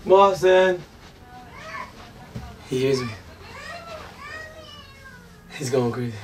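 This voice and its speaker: A man in his twenties talking casually to his vlog viewers from home, energetic and playful with lots of fillers. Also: medium pitch, extremely slow, background noise. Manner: energetic, playful, talks in bursts with many fillers. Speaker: vlogger. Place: family home indoors.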